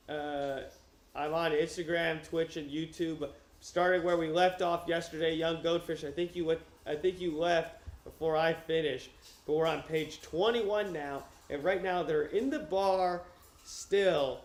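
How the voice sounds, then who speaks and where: A man chatting casually and profanely on a livestream from a room at home while wearing headphones, joking around as he reads a novel aloud. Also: on the high side. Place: room at home with his dog. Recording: roomy echo.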